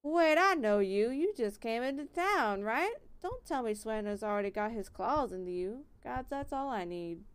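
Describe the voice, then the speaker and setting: A woman's voice: fairly high pitch, animated, normal speed, hardly any pauses, smooth, close to an everyday voice. A woman voicing a frightened, stocky elven miller man with a put-on country accent, rambling on about his worries. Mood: worried.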